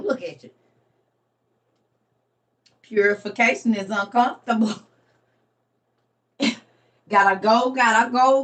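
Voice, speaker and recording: A woman's voice: fairly high pitch, fairly bright tone, distant mic. Laughing, teasing woman with a slangy drawl. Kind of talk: casual commentary on a reading.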